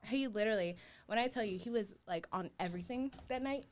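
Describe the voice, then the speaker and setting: A woman's voice: mid-range voice, quick pace, noisy background. A young woman telling a story in casual chat, laughing often and acting out what others said. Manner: animated, laughing often, acting out quoted voices.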